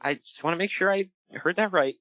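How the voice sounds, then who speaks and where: A man co-hosting a casual podcast, recapping events with jokes and quick put-on voices. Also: fairly high pitch, no echo. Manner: animated, jokey, does quick voices for quotes. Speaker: podcast co-host recapping wrestling. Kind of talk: casual chat. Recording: dull lo-fi sound.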